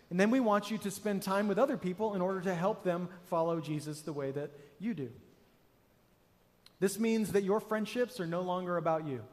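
Guy pastor preaching a sermon, kinda high voice, chatty but emphatic, echo of a big church hall. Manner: conversational, emphatic, acts out quoted people. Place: church auditorium.

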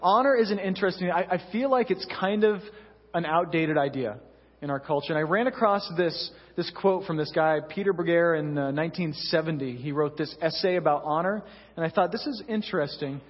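A young male pastor delivers a chatty, story-driven sermon in a slightly high, husky voice. The sound is dull and lo-fi, with a long hall reverb around him. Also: a little fast. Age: young adult. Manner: conversational storytelling, frequent "you know". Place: church sanctuary.

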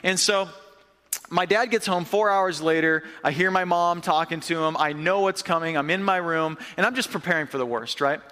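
A young man from upstate New York giving a sermon, telling a story in a lively, conversational way. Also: a little high, normal speed, big-room sound. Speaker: pastor. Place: church hall.

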